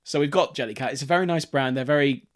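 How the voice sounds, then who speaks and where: A man, co-hosting a casual podcast chat, telling a story in an animated, mocking way and swearing freely. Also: mid-range voice, fast. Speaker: podcast co-host.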